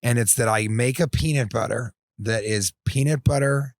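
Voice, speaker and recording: An American man in his forties chatting as a podcast guest, rambling through stories with animated impressions. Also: mid-range voice, normal speed, no echo, clean studio sound. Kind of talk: casual chat.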